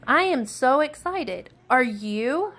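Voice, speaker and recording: A woman voicing an excited little boy tiger cub, speaking high, eager and bouncy. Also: takes it slowly.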